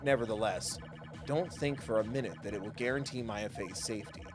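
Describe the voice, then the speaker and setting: Brief: hushed, measured masked villain read by a man, deep and threatening. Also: music in the background, natural voice. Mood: sinister. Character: menacing male villain behind a voice changer.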